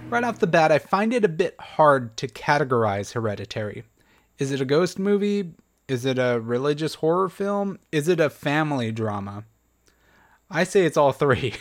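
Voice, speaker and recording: A young man hosting a solo podcast, reviewing a horror film in a casual, chatty, self-deprecating way with light laughs. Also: mid-range voice.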